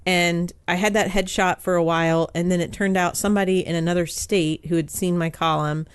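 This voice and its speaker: A woman's voice: lowish voice, fairly even intonation, a little fast, smooth, no room sound. A woman in her forties, a newspaper columnist, telling a story in casual podcast talk with frequent ums and likes. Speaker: guest author, newspaper columnist.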